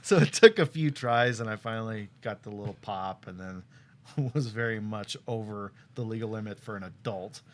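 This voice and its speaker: A young man casually telling a story to a friend, animated and laughing often as he acts out what people said. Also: on the low side, moderate pace. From Tucson, Arizona.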